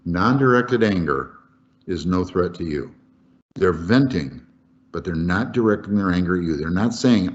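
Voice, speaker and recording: Deep-voiced man giving a folksy lecture. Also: lively intonation, moderate pace. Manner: folksy, conversational, repeats key points for emphasis. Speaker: workplace safety trainer. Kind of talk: webinar lecture. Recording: dull lo-fi webinar audio.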